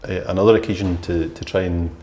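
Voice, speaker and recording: A man's voice: low voice, fairly even intonation, fast, warm tone. A man interviewing a guest, mostly giving brief encouraging responses and short questions. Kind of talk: casual conversational interview.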